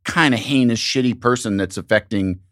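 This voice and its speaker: A man's voice: mid-range voice, a little fast, fairly bright tone, no echo, studio quality. A middle-aged man hosting a podcast, talking loosely and bluntly, repeating himself as he works toward a point. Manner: loose, repetitive, blunt and profane. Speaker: podcast host. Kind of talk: casual podcast conversation.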